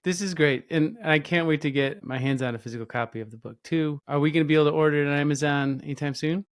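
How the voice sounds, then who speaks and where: A man's voice: fairly high pitch, steady tone, quick pace, clear, resonant tone, no echo. Friendly male podcast host, dry sound. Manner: friendly, encouraging questions. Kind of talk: podcast interview.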